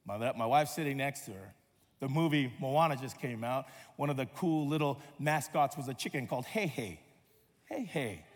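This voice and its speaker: A man's voice: medium pitch, lively intonation, moderate pace, in a large hall. A man pastor giving a sermon, telling stories with playful humor and acting out quotes. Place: church sanctuary.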